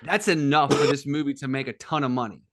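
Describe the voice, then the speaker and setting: A man's voice: mid-range voice, quick pace. A man co-hosting a podcast, making his case in loose casual talk, full of "like" and "I mean". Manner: argues a point, hedging with "like" and "I mean". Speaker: podcast co-host. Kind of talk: casual movie chat.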